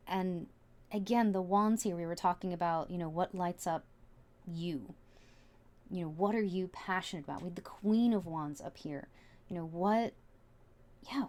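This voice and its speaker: A woman talks through a tarot spread in a loose, casual way, stopping and restarting her sentences. Her tone is soft and sincere, and she gets quietly emotional as she reassures the listener. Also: mid-range voice. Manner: chatty, earnest, full of fillers and restarts; soft and heartfelt, at times emotional. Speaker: tarot reader. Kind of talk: casual tarot reading to camera.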